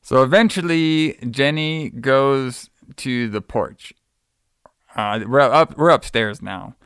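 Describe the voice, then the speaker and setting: A man casually recapping a horror movie on a podcast, rambling and swearing, with quick acted-out quotes. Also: mid-range voice, fairly bright tone, smooth, no room sound, clean studio sound. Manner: rambling, profane, acts out characters in quick quotes. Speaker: podcast co-host.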